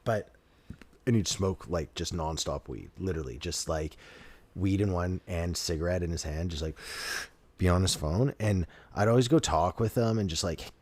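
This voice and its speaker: Low-voiced rambling man. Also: normal speed, darkish tone. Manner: rambling storyteller, leans on "like". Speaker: podcast co-host. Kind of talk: casual podcast chat.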